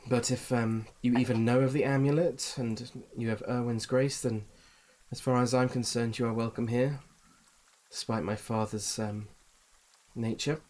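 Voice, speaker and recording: A man voicing a weary young woman, the camp leader's daughter, speaking in a slow, measured, hesitant way. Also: mid-range voice, steady tone, a little mellow, close to an everyday voice.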